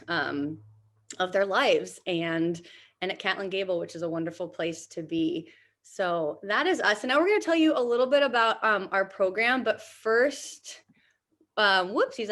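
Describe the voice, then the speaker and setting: A woman's voice: medium pitch, fairly bright tone. A young adult woman PE teacher presenting on a video call, upbeat and encouraging, with frequent fillers and little laughs. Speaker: PE and health teacher.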